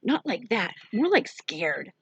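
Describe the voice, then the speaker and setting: A solemn seven-year-old girl talks in a hushed, whispery voice, as a woman reads her. The audiobook sound is breathy, dull and dry. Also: on the high side, very animated, slow pace, dry recording, voice pushed up, heavily acted. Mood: serious.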